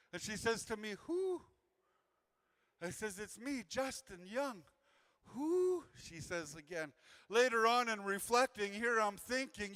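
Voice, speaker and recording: A man's voice: very high voice, bright, forceful tone, clear, resonant tone. A man giving an earnest personal storytelling talk as an invited speaker, repeating key phrases for weight. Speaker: invited speaker sharing his healing journey.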